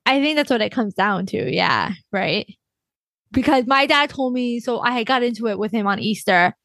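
A woman's voice: on the high side, animated, moderate pace, fairly bright tone, no room sound. A young woman co-hosting a podcast in casual chat, laughing often and restarting her sentences. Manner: chatty, laughs often, many fillers and restarts. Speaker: podcast co-host.

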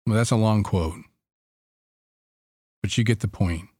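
Slow, soft-spoken man guiding a meditation. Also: on the low side, husky, no echo, studio quality. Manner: slow, soft-spoken, with long pauses between phrases. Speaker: meditation guide. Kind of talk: guided Christian meditation.

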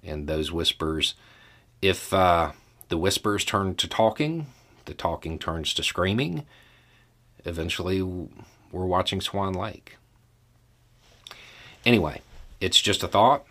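Podcast host, male, low voice, slow, unhurried thinking-aloud delivery. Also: fairly bright tone. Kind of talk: casual solo commentary.

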